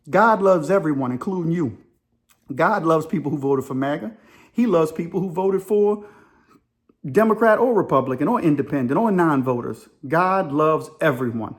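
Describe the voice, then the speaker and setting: A man's voice: on the high side, lively intonation, moderate pace. A man telling a casual, rambling story in colloquial talk. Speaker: vlogger.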